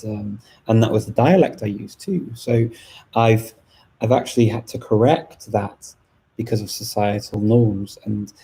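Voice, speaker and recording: A middle-aged man from Liverpool with a softened northern English accent, talking casually and thoughtfully to viewers in a live stream, with frequent restarts. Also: on the low side, breathy edge, rough recording. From Liverpool, England. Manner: thoughtful, many restarts and fillers. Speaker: language channel host.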